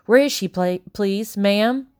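A woman's voice: mid-range voice, slow pace, smooth, dry recording, studio quality, voice pushed up, close to an everyday voice. A woman voicing a polite, wary young girl who answers deferentially. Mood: timid. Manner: timid and deferential.

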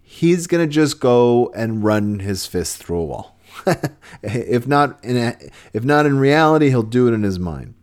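A man's voice: mid-range voice, animated, unhurried, darkish tone. A man hosting a podcast, giving relationship advice in an earnest, conversational way with frequent restarts. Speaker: podcast host.

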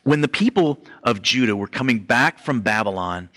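Man, pastor type, bright forward voice, chatty sermon delivery, lots of "like" and "um". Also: medium pitch, lively intonation, moderate pace. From Western Europe ancestry only; none. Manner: conversational, filler-heavy, says "like" often. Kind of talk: casual sermon teaching.

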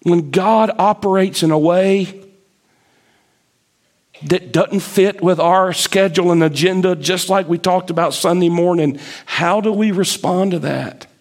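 A man preaching a sermon, emphatic, climbing high as he drives a point home and acting out the prophet's complaints. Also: unhurried.

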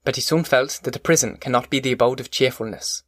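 A man narrating a classic novel as an audiobook in a measured, formal reading. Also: medium pitch, fairly bright tone, dry recording, studio quality.

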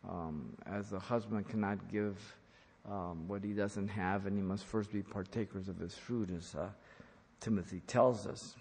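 A man's voice: low voice, fairly even intonation, a little slow, a little mellow, slightly rough, long reverb tail. A man preaching an earnest sermon, speaking as a pastor who repeats key points for emphasis.

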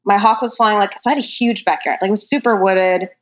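A woman's voice: mid-range voice, fairly even intonation, fast talker. A young woman in her twenties, a falconer, chatting casually and telling stories with lots of fillers. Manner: chatty storyteller, many likes. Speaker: guest falconer. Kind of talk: casual chat.

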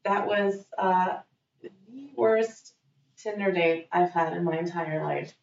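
A young woman telling a story in casual chat, animated and swearing freely as she acts out what others said. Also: on the low side, slow, vocal fry, slight background noise. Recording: dull roomy recording.

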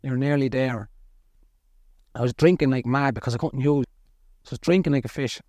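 Middle-aged Irish man, blunt candid storyteller, mid-pitched, dry close mic. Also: fairly quick, warm tone, no echo. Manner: earnest, blunt, colloquial. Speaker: podcast guest.

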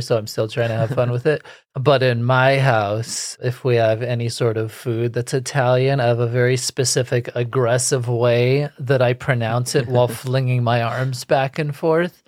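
Forties male co-host, dry deadpan humor, middle pitch, dry booth sound. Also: no room sound. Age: 40s. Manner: dry, joking delivery. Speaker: podcast co-host. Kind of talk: casual podcast chat.

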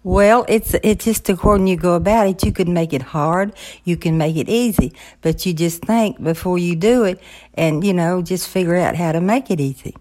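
An older woman with a lowish voice chats from an office. She speaks plainly in a homespun way, pausing and restarting often. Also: a little mellow. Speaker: podcast co-host. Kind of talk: casual chat.

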